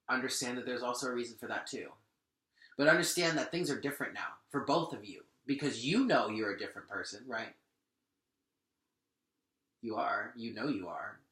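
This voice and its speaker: A man's voice: mid-range voice, sharp tone. A man giving a spoken tarot reading, talking earnestly and directly to the listener while shuffling and laying out cards. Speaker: tarot reader. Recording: echoey room.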